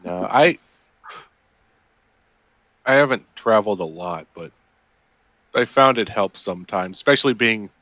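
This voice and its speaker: A man from the Midwestern US chatting casually on a podcast, laid-back and quick to laugh, sometimes mimicking accents. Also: fairly low pitch, lively intonation, pushed and bright, dry recording. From Midwestern United States. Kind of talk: casual chat.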